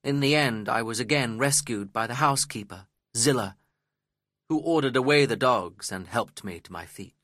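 A man reading a first-person story aloud in a steady, measured way. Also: medium pitch, no room sound, clean studio sound. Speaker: audiobook narrator. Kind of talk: scripted first-person narration.

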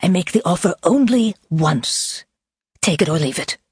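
A woman's voice: on the low side, lively intonation, breathy edge, dry recording, clean studio sound, exaggerated voice. Woman voicing a hissing sinister male trader. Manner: slow, hissing, contemptuous. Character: sinister sneering male trader, cruel and scornful.

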